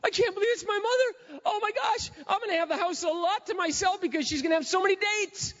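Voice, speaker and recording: A man's voice: very high voice, fast talker, fairly bright tone, voice pushed up. A man putting on the voice of a sobbing teenage boy who is amazed by his mother. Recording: dull lo-fi with long hall reverb.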